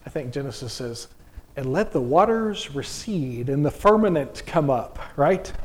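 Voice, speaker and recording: A man's voice: on the high side, lively intonation, measured pace. A middle-aged man preaching a sermon in a folksy, conversational way, full of restarts and rhetorical questions.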